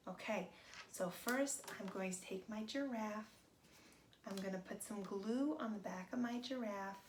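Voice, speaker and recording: A woman teaching a children's craft, talking gently and in a sing-song way as if to young children. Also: fairly high pitch, echoey room, a little hiss or hum.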